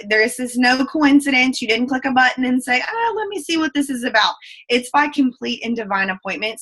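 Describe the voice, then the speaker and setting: Bright fast-talking Southern woman. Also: on the high side. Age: 20s. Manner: fast, folksy and effusive, with Southern expressions. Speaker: guest speaker. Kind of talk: motivational team call talk. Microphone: video call.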